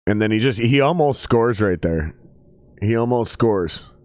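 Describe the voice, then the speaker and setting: A man chatting casually on a live stream while watching football, loose and profane, jumping into excited play-by-play. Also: lowish voice, unhurried, dry recording, studio quality. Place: table at home.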